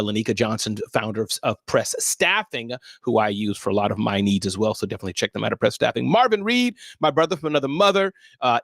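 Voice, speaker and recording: A man's voice: mid-range voice, a bit bright, no room sound, studio quality. A man hosting a live business talk show, upbeat and chatty, often laughing as he moves through the topics. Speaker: show host.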